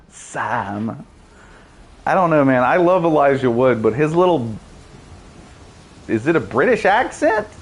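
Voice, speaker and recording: A man's voice: medium pitch, very animated, slow pace, long pauses, slightly rough. A man giving casual, rambling gameplay commentary, joking and laughing at his own jokes. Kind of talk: casual let's-play chat.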